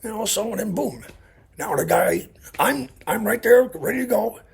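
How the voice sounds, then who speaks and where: A man's voice: sits high, animated, moderate pace, gravelly, husky. A man casually telling a rambling, chatty story with lots of asides in a vlog. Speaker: vlogger. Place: Illinois.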